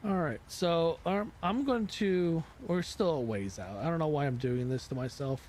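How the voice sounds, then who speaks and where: A man's voice: fairly high pitch, normal speed, darkish tone, slight background noise. A man hosting a flight sim live stream, talking casually in a rambling way with self-mocking asides.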